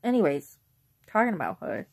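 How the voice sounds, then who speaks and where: A young woman vlogging in a casual, rambling way, who often clears her throat. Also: medium pitch, big pitch swings, moderate pace. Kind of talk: casual chat.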